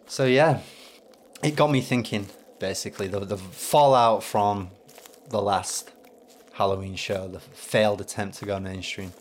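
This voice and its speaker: English male podcast host, deadpan and self-pitying, lowish voice. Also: normal speed, slight background noise. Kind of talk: sardonic comedic monologue.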